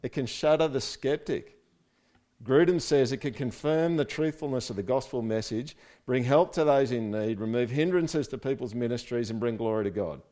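A man's voice: mid-range voice, moderate pace, mellow. A man preaching a casual, conversational sermon, with joking asides and frequent "right?" check-ins to his listeners. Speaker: pastor.

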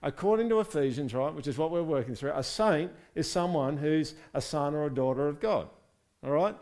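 A man as pastor preaching a sermon at a church service, lively and asking the congregation questions. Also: a little high, brisk.

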